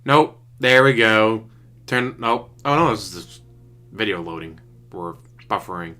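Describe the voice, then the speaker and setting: A man's voice: on the low side, fairly even intonation, measured pace, sharp tone. A man giving sarcastic, mocking running commentary while he watches another streamer's broadcast. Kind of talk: casual reaction commentary. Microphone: desktop USB mic.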